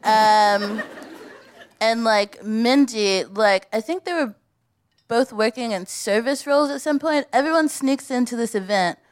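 A woman's voice: fairly high pitch, a little slow. A woman co-hosting a live comedy podcast, giggly and loose, full of "like" and "um". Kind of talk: comedic chat before a live audience.

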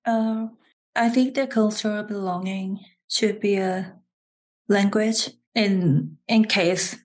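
A woman with a Korean accent, a native Korean speaker, chatting as an interview guest, with halting restarts and frequent laughter. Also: medium pitch, steady tone, a little mellow. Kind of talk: casual interview chat.

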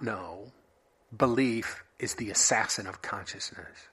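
A man hosting a solo podcast, sharing random thoughts in a wry, offhand, deadpan way. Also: on the low side, unhurried, husky. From United States. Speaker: podcast host.

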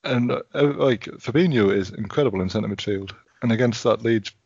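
A man's voice: mid-range voice, normal speed, darkish tone, husky, dry recording. A man talking football on a podcast, wry and rambling, often restarting his sentences. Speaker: podcast pundit. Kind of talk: casual football chat. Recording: muffled lo-fi audio.

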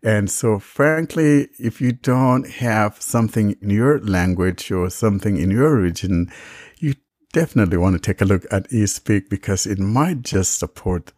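A man hosting a relaxed, chatty tech discussion and demonstrating speech settings. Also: fairly low pitch, normal speed, no echo, studio quality. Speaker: podcast host demonstrating software. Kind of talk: casual tech chat.

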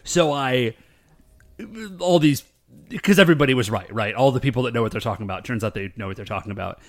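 A man co-hosting a podcast, talking in a rambling, animated way with lots of fillers. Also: mid-range voice, fast talker. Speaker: podcast co-host. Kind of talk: casual chat.

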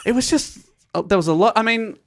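A man's voice: sits high, fast. Chatty, joking man hosting. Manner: jokey, chatty, laughs often. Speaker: podcast host. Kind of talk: casual chat.

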